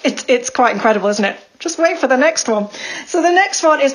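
A woman with a fairly high voice co-hosts a relaxed podcast conversation. She introduces items in a chatty, conversational way, then reads them out before handing over to her co-host. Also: fairly quick. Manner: presents and reads out statements, chatty asides. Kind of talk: casual discussion podcast.

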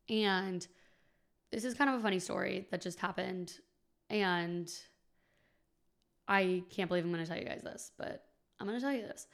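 Chatty young woman with vocal fry. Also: medium pitch. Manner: chatty, frequent "like", animated quoting. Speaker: podcast host. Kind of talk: casual storytelling.

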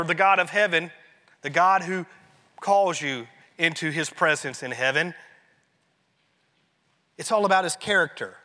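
Key phrases fall to a near whisper as this high-voiced male pastor preaches, after stretches of rising, emphatic delivery. The sound has the echo of a large room.

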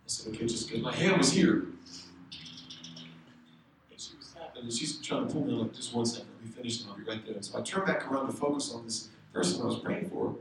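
Preacher in a booming echoey church. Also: male voice, fast talker, gravelly, noisy background. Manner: storytelling, building to loud shouted exhortation. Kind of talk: sermon. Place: church sanctuary. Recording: echoey room, speaker far from the mic.

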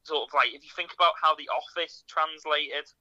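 A man's voice: fairly high pitch, normal speed, sharp tone, dull audio. A man co-hosting a casual podcast, talking hesitantly and saying "like" often. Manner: hesitant, heavy use of "like". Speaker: podcast co-host. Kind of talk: casual chat.

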